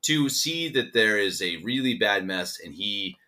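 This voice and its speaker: A man's voice: fairly low pitch, animated, unhurried, a crowd in the background. A man co-hosting a podcast in casual chat, emphatic and ranting, often repeating words as he gets worked up. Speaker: podcast co-host.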